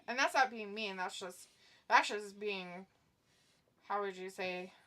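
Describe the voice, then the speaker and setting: A woman's voice: medium pitch, a little slow, bright, forceful tone. A woman co-hosting a live stream, chatting casually, teasing and laughing often while reading viewer comments. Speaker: stream co-host.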